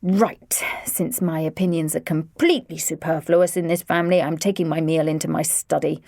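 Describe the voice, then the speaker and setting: A woman's voice: fairly low pitch, expressive, moderate pace, darkish tone, no room sound, clean studio sound, natural voice. A woman voicing an exasperated middle-aged father who speaks in clipped, firm tones. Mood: stern.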